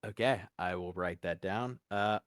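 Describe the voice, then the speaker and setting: A man narrating as game master, relaxed, with frequent fillers and easy laughs. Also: deep voice, measured pace, dry recording, studio quality.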